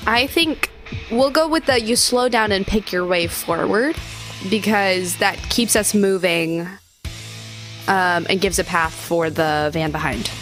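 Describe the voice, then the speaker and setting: A woman playing a tabletop game, reacting quickly and talking casually. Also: medium pitch, a bit bright, soft background music. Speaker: player.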